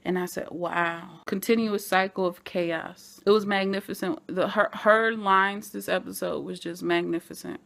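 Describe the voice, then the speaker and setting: A woman recapping a TV episode in a casual vlog, animated and chatty, talking straight to her fellow fans. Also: on the low side, moderate pace, creaky, few pauses. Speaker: TV show reviewer.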